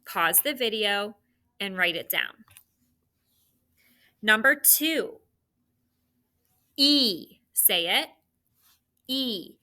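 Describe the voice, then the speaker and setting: A woman teacher dictating spelling sounds and words to students, with slow, clearly enunciated delivery. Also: medium pitch, animated, bright, forceful tone.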